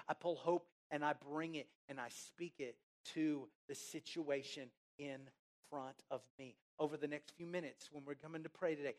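A preacher addresses a congregation with emphatic, drawn-out phrasing that swings between loud calls and hushed lines. They pose questions to the listeners and have them repeat key words. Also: medium pitch. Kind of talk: sermon.

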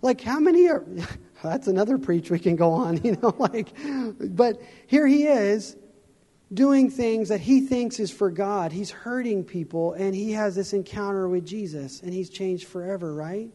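A man's voice: high-pitched, unhurried, dark tone. A man giving an earnest, informal testimony sermon from a stage, often restarting and chuckling as he talks. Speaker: traveling evangelist giving his testimony. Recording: long hall reverb.

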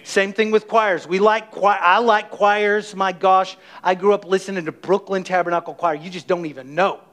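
A middle-aged man preaching a sermon as pastor of his church, emphatic and energetic, calling on the congregation to respond. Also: high voice, normal speed. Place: church sanctuary.

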